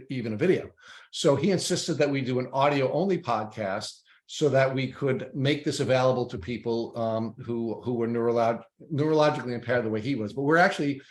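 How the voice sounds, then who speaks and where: A man hosting an interview podcast, talking in a halting way with many restarts and repeated words. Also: medium pitch. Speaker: podcast host. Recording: roomy echo.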